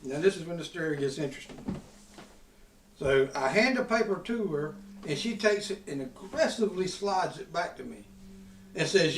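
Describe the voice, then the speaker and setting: A man with a fairly high voice tells a loud, profane story in a drawl. He is recorded from a distance, and the room around him is echoey. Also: expressive, normal speed, a little hiss or hum. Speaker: podcast host. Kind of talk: casual storytelling. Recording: roomy sound from a distant mic.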